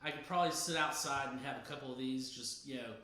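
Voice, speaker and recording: A man's voice: mid-range voice, fast talker, sharp tone. Chatty man in a very echoey room. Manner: chatty, rambling with restarts. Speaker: podcast co-host. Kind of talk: casual beer tasting chat.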